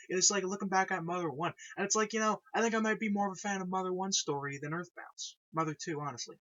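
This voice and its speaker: A young man in a casual fan vlog, rambling excitedly and saying "yo" over and over. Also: high-pitched, normal speed. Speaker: video creator. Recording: dull lo-fi recording.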